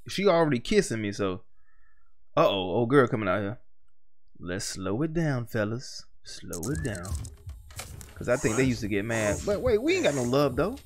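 Male gaming commentator, animated and profane, very lively pitch. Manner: animated, slangy, profane reactions. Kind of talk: let's play commentary.

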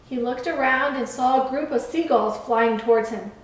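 A woman in a church setting reading a children's story aloud in a slow, expressive, kid-friendly way. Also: sits high. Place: church room. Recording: echoey room, far from mic.

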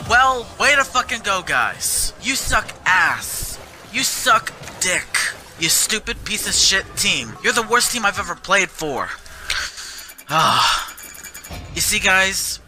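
A man's voice: sits high, sing-song, slow pace, bright, forceful tone. A man giving gameplay commentary, ranting angrily and cursing constantly at his teammates and the game. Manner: angry profane ranting, frequent cursing. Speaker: gamer. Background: game music.

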